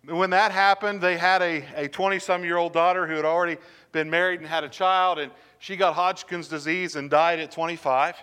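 Male pastor, bright ringing tone, conversational sermon full of call-and-response. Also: on the high side, steady tone, brisk, smooth. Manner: engaging the congregation with questions. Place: church sanctuary.

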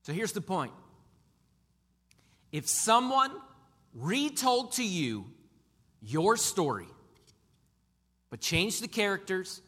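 A man preaching a sermon in an emphatic, animated way, swinging between loud and soft. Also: sits high, husky, big-room sound.

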